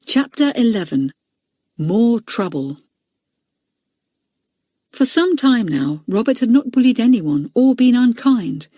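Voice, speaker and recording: A woman reads a children's story aloud with a warm, mellow tone and lively, animated pitch. The sound is close and dry, with no room around it. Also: slightly rough, no room sound. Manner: expressive, voices each character. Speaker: audiobook narrator. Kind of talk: storybook narration.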